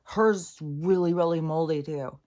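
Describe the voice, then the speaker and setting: Low voiced woman rambling on her couch past midnight, swears a lot, laughs at herself, goes whispery sometimes. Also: unhurried, warm tone. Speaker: vlogger. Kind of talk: late-night rambling monologue. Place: home living room by the couch.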